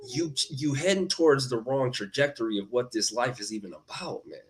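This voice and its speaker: Earnest man, lively preachy talk. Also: a little high. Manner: earnest, repetitive, addresses viewers as y'all. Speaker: motivational live streamer. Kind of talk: casual motivational talk.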